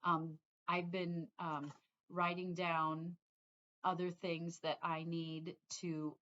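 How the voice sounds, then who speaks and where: A middle-aged woman with a fairly low voice chats to her viewers in a loose, rambling way. She often trails off and starts her sentences over. The sound is a little dull and lo-fi, as from a home setup. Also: flat delivery, slow, a bit bright. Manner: rambling, chatty, trails off and restarts. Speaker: cross-stitch vlogger. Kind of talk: casual chat to viewers.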